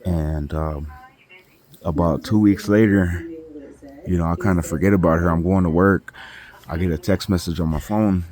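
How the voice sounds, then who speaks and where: A man's voice: low-pitched, fairly even intonation, normal speed, long pauses, darkish tone. A man from California telling a personal story in a casual, rambling way, full of "like" and "you know". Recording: crowd chatter clearly audible behind.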